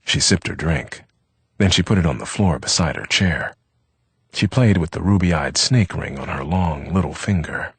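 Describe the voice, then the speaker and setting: A man narrating an audiobook in an expressive, measured way, recorded close and dry. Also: rumbling low, slightly rough, no echo.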